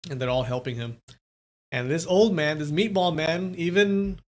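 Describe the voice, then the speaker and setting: A streamer reads a translated wuxia novel aloud on a live stream, moving into loose, playful chat with viewers between passages. The delivery is casual and unpolished, with a mid-range pitch. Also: slow. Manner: casual, playful, chatty asides.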